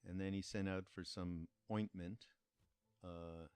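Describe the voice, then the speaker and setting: Older man, podcast host, deep voice, rambling reflective storytelling, dry close sound. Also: fairly even intonation, a little mellow, smooth, dry recording. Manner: reflective, meandering, with frequent pauses and restarts. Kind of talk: casual spoken storytelling.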